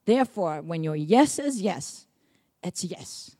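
A middle-aged pastor delivers a sermon in a fairly low voice. She drives her points home by repeating them with emphasis. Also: lively intonation, slow pace, mellow, husky. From Samoa. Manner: emphatic, repetitive preaching.

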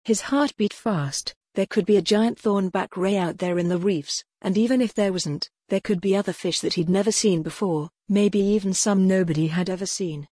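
A woman reading a children's adventure story aloud in a calm, even storytelling manner. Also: medium pitch, moderate pace, few pauses, breathy edge, no echo, studio quality. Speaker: audiobook narrator. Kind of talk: scripted storybook narration.

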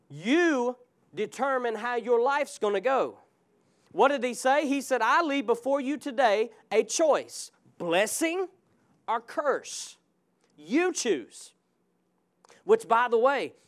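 Male pastor, very high voice, fervent sermon delivery with congregation call-outs. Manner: fervent preaching with call-and-response asides. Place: church sanctuary.

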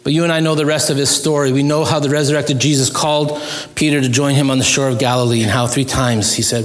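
A male pastor delivers a sermon in an earnest, pleading way. His voice sits a little higher than most men's, and it climbs further whenever he drives a point home. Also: steady tone, moderate pace. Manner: earnest, pleading, rises in pitch when stressing points.

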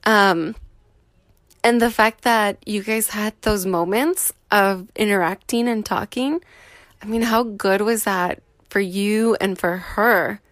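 A woman hosting a casual interview who reacts warmly and asks follow-up questions. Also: medium pitch, slow, no echo. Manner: reactive, lots of affirming murmurs. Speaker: host.

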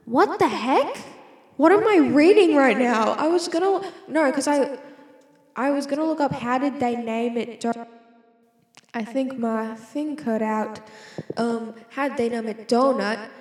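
A student talks to herself in a playful, rambling monologue that keeps cutting itself off. Her voice sits high with a darkish tone, and she speaks at a measured pace in an echoey room with long reverb.

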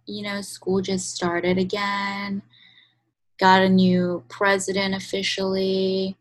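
A woman's voice: mid-range voice, little pitch movement, slow pace, rough recording. A young adult woman co-hosting a podcast in casual chat, chatty with lots of ums and likes. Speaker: podcast co-host.

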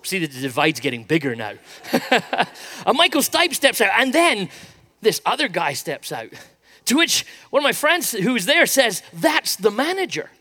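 A man's voice: sits high, normal speed. A middle-aged man preaching a sermon, telling a story with energy and acting out what people said. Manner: storytelling, animated, acts out quotes. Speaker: pastor.

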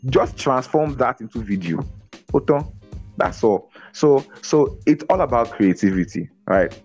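A man speaking as a guest in a casual interview over a video call, energetic, often repeating words and laughing. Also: medium pitch, unhurried, faint music behind. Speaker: guest on a business podcast.

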